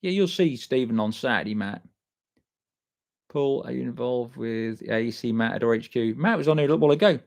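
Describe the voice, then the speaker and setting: A man with a gravelly, rough-edged voice sitting at an ordinary middle pitch. He hosts a live stream in a loose, sweary, matey way, reading viewers' comments aloud and answering each one by name. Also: lively intonation, fairly quick, a little mellow. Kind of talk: casual live chat.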